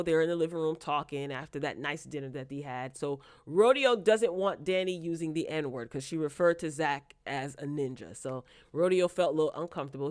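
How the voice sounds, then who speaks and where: A woman's voice: lowish voice, clear, resonant tone, no echo, clean studio sound. A woman recapping a TV episode in casual chat, breaking off into incredulous, sarcastic asides. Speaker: TV recap vlogger.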